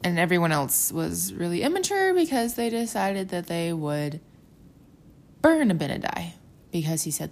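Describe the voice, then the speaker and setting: A woman's voice: lowish voice, moderate pace. A young woman talking casually and animatedly about scripture, acting out quotes in little whispers. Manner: chatty, animated, acts out quotes with gasps and whispers.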